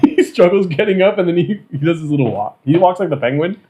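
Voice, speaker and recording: Young guy, podcast host, loose jokey chat, lively melodic delivery, cracks up constantly. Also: fairly high pitch, fast. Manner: joking, laughs often, swears casually. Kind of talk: casual chat.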